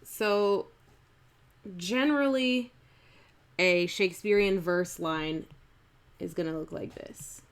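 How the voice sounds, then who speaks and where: A woman teaching Shakespeare verse in a live-streamed lesson, explaining in an unhurried way with fillers and restarts. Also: on the low side. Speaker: acting teacher.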